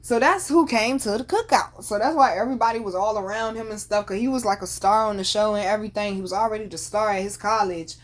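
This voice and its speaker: A podcast host in her thirties tells a family story in casual slang, swearing and laughing all the way through. Her voice sits at a middle pitch, and her delivery is animated and unguarded. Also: fast, hardly any pauses.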